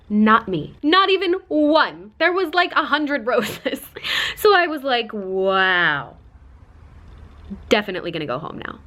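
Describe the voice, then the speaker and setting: A woman's voice: fairly high pitch, fairly bright tone. A young woman in her twenties telling a chatty storytime, full of likes and quoting people in put-on voices. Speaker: lifestyle vlogger. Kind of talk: casual storytime.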